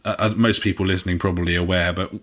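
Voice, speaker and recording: A man's voice: deep voice, flat delivery, quick pace, fairly bright tone. A man co-hosting a casual gaming podcast, chatty and swearing freely between filler sounds. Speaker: podcast co-host.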